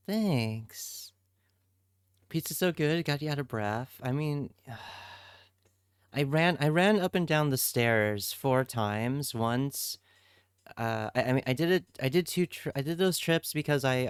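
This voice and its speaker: A man's voice: medium pitch, measured pace, clean tone, no room sound, clean studio sound. A man streaming live, chatting casually with his viewers, swearing freely and answering their messages.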